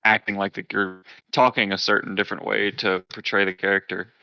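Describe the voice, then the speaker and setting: Low-voiced guy ranting loose and sweary on a podcast, bright edge, dry close mic. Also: level tone, a little fast, creaky, no room sound, muffled recording. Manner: blunt, profane, laughs often. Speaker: podcast co-host. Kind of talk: casual chat.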